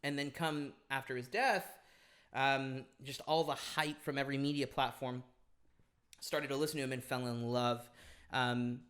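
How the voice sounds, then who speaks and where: A man's voice: mid-range voice, a little slow. Chatty young man full of ums. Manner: animated, laughs often, many ums and restarts. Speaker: podcast guest. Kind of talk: casual chat.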